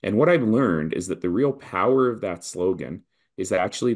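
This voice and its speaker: A man from Canada with a very deep, low voice speaks as a political candidate in a podcast interview. His delivery is animated and persuasive, building points through rhythmic repetition like a campaign speech. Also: moderate pace.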